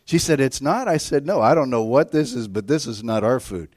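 Animated man preaching a sermon. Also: medium pitch, brisk, dry recording, clean studio sound. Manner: storytelling, swings from hushed to loud and excited. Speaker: guest preacher.

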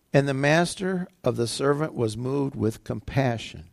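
A man's voice: fairly high pitch, expressive, moderate pace, creaky, hardly any pauses, no room sound, studio quality. A male pastor preaching a sermon, retelling scripture in a conversational, everyday way.

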